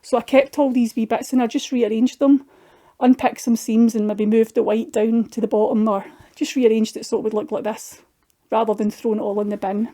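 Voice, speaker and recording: A woman's voice: fairly high pitch, flat delivery, fairly quick, mellow. A middle-aged Scottish woman chatting casually through her craft projects, homely and full of little restarts. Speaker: craft vlogger. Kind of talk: casual show-and-tell chat.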